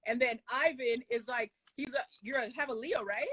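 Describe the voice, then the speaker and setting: A woman's voice: on the high side, moderate pace, a bit bright, slightly rough, no echo. A woman life coach chatting casually on a podcast, blunt and swearing, acting out what she tells herself. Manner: blunt, swears, acts out quotes. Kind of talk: casual chat.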